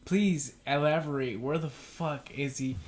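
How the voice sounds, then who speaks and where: A man's voice: a little high, measured pace, slight background noise. A young man co-hosting a casual podcast chat, ranting heatedly and swearing a lot. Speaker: podcast co-host.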